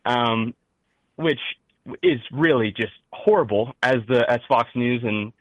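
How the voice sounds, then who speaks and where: A young man with a Midwestern accent talks as a caller, stopping and restarting his thoughts with plenty of fillers. His voice sits at a middling pitch. The sound is dry, with no room echo. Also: lo-fi sound. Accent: Midwestern American. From rural Midwest. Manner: halting, many fillers and restarts. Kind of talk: call-in talk show conversation.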